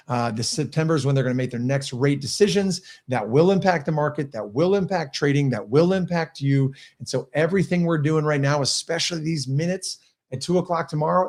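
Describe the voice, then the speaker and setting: A man's voice: a little high, darkish tone. A middle-aged man hosting a weekly trading show, talking energetically and asking viewers rhetorical questions. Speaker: host. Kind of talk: market commentary show.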